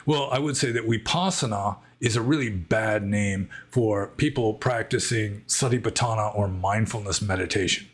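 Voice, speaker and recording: A Buddhist monk answering viewer questions in a casual monologue, thinking aloud and rambling with frequent "I mean" asides. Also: male voice, fairly low pitch, moderate pace, few pauses, slightly rough.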